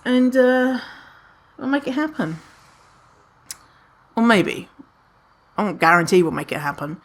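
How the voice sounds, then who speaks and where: A woman hosting a solo podcast in a casual, animated way. She swears freely, laughs often and acts out other people's imagined thoughts. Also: fairly low pitch, moderate pace. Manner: laughs often at her own remarks. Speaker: podcast host.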